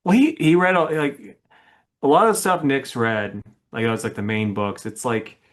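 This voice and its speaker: A man's voice: medium pitch, normal speed. A man co-hosting a podcast, chatting casually about comics. He rambles through his points with plenty of "like" and "you know," often breaking into a laugh. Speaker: podcast co-host. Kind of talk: casual chat.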